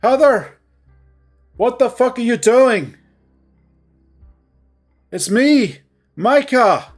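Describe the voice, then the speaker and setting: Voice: medium pitch, lively intonation, drawn-out words, faint music behind, voice pushed up. A narrator voicing a young anxious furry character who stammers with a shaky, cracking voice. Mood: panicked.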